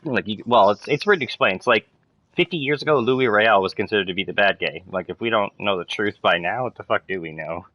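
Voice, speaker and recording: A man's voice: lowish voice, fast, pushed and bright, dry recording, muffled recording. A man chatting casually while gaming, rambling and swearing, with "like" in nearly every sentence. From Canada. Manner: rambling and profane, heavy use of "like". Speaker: gaming streamer.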